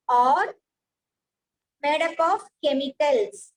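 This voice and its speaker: A woman's voice: high-pitched, a little slow, a little hiss or hum, low-quality recording. A woman, teaching a science class, patiently repeating points and praising pupils by name.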